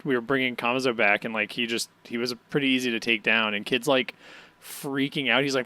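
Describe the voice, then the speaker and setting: A man's voice: mid-range voice, steady tone, a little fast, pushed and bright, smooth, no room sound. Laid-back male podcast co-host, dry sound. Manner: laid-back, laughs often, quotes characters. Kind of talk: casual chat recapping anime episodes.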